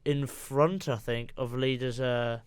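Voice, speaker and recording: Podcast co-host, man, halting storyteller, clear smooth voice, dry room. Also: mid-range voice, steady tone, no room sound. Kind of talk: casual football chat.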